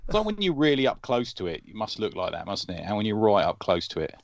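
A man co-hosting a casual podcast, delivering crude jokes in a deadpan way. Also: on the low side, fast, gravelly, lo-fi sound.

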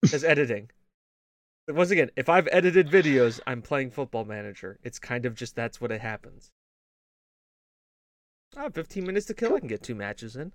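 A man's voice: medium pitch, sing-song, moderate pace, pauses often, no room sound. A man co-hosting a casual gaming show, telling rambling stories full of swearing and laughter. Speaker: podcast co-host.

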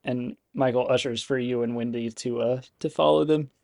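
A man narrating a tabletop game as game master, halting and full of fillers. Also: medium pitch, steady tone, creaky, darkish tone, no echo, studio quality.

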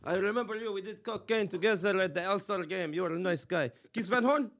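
A boastful, jovial rich uncle, put on by a man who greets everyone as his friend in a raised, gravelly voice. He talks in broken grammar with a heavy accent. It is loose improvised comedy. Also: high-pitched, fast talker, fairly bright tone, pitched above the performer's own voice.

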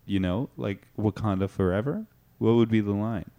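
A man playing a mock improv teacher in a comedy sketch, talking in a deadpan, instructive way. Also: fairly low pitch, moderate pace, clean tone.

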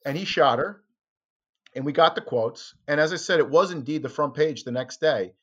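Animated male storyteller on lo-fi audio. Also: normal speed. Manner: animated, acts out quotes with sharp jumps in pitch. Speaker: interview guest, former tabloid reporter. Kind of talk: conversational storytelling.

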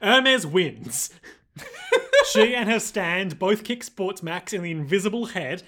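A young man with a slightly high voice recaps an anime episode on a casual podcast. He tells the story in a laid-back way and laughs often. His tone stays easygoing throughout. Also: lively intonation, slow pace, pushed and bright. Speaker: podcast co-host.

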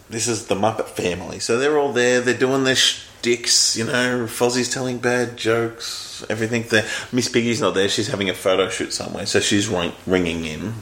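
A man co-hosting a podcast, giving a relaxed, wry, plain-spoken film review in casual chat. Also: lowish voice. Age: adult, older than in childhood. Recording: echoey room with faint background noise.

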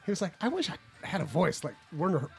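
High, gravelly man cracking crude jokes. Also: huge pitch swings, quick pace, a crowd in the background. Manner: crude jokester, repeats words for laughs. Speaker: podcast co-host. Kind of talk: casual chat.

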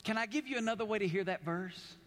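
Delivering a sermon, this male pastor talks fast in a high-pitched, fairly bright voice. He's emphatic, circles back to repeat or restart phrases, and questions the congregation directly.

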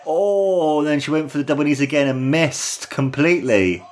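Speaking at a normal speed with a slightly high voice, a young guy enthusiastically reviews a wrestling match as he watches it, gushing and using plenty of filler words.

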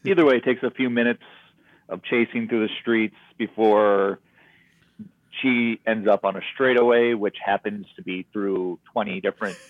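Very deep-voiced man on a tinny line. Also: moderate pace, dry recording. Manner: relaxed, storytelling, recapping plot. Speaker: podcast co-host. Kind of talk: casual movie recap chat. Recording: dry, phone-like sound.

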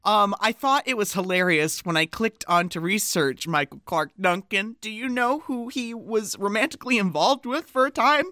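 A podcast co-host in casual movie chat, animated and swearing freely while telling gossipy anecdotes. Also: mid-range voice, normal speed, hardly any pauses, no echo, clean studio sound.

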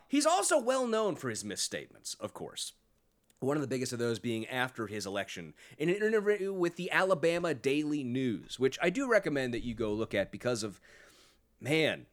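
A man hosting a podcast, giving sarcastic, profane political commentary in a mocking tone. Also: on the high side. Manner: sarcastic, swears a lot, mocking. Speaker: podcast host.

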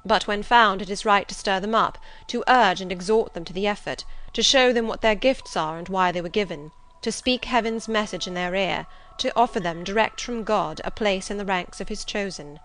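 A woman's voice: medium pitch, moderate pace, few pauses, fairly bright tone, natural voice. A woman reading the part of a stern, zealous male missionary in an audiobook, speaking in a solemn, insistent, preaching way. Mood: solemn, earnest.

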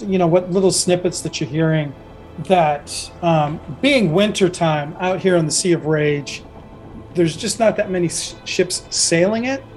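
A man's voice: sits high, poor audio. A man narrating as game master of a tabletop game, rambling with lots of restarts. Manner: rambling, full of fillers and restarts.

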